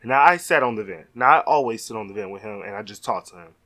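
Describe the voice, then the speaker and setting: A young man telling a storytime vlog, animated and exasperated, talking casually. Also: fairly low pitch, fast talker. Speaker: vlogger.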